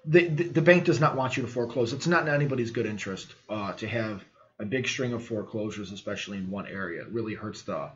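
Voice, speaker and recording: A man's voice: on the low side, fast talker, fairly bright tone. A man hosting a podcast, talking casually with plenty of fillers and encouraging listeners. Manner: conversational, filler-heavy, encouraging. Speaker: podcast host. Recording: slightly muffled podcast audio.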